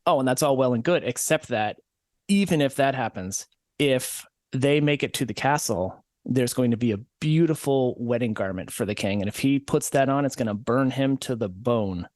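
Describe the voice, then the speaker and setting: A man's voice: medium pitch, darkish tone, dry recording, studio quality. A man hosting a podcast, retelling a fairy tale as comedy in a wry, rambling manner. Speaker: podcast host.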